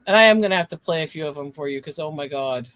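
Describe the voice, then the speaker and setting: A man's voice: a little high, lively intonation, fast talker, fairly bright tone, dry recording. A man hosting a stream in casual chat, talking freely with swearing and laughs. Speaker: streamer host.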